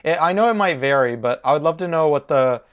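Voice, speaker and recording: A man's voice: a little high, expressive, fast talker, clean tone. A young man hosting a TV reaction video, talking emotionally to his viewers, with faint music from the show behind him. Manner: emotional, exclaiming, talks to viewers. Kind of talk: casual reaction commentary.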